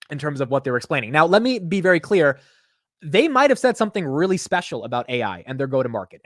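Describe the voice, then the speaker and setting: A man's voice: medium pitch, fairly bright tone, dry recording, studio quality. A young man hosting a casual livestream about the stock market, talking in a blunt, opinionated way and swearing now and then. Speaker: market commentary host.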